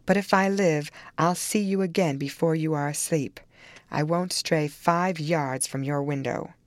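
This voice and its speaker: A woman's voice: sits low, unhurried, no room sound. Audiobook: an anguished, cursing man, urgent and fierce, as a woman puts him on. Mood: urgent pleading. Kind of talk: audiobook character reading.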